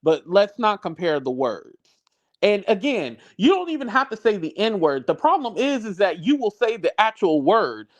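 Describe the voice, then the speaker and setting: Blunt, high-voiced man arguing heatedly. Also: sing-song, normal speed. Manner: blunt, confrontational, repeats himself for emphasis. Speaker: livestream panel speaker. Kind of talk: heated argument on a livestream.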